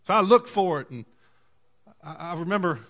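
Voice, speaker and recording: A man, preaching a sermon in a folksy storytelling way, moving from quiet asides to loud cries. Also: high-pitched, lively intonation, normal speed. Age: 40s. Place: church.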